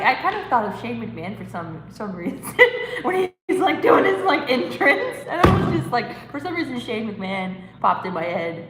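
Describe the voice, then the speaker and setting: A woman's voice: fairly high pitch, very animated, moderate pace, reverberant, big-room sound, background noise. A woman hosting a casual live stream, rambling, giggling and reading chat comments aloud. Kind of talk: casual watch-along chat.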